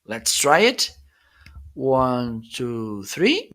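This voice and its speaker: Testing desk microphones with counts and hellos, this man runs a casual live shopping stream from his desk, chatting without hurry. He speaks extremely slowly in a fairly bright, medium-pitched voice that swings widely in pitch.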